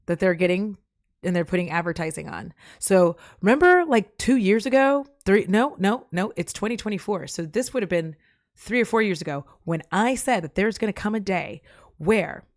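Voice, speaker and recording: A woman's voice: fairly low pitch, no echo, clean studio sound. A woman chatting casually on her live stream, rambling from topic to topic and cracking jokes and puns. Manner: jokey, rambling, fond of puns. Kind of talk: casual chat.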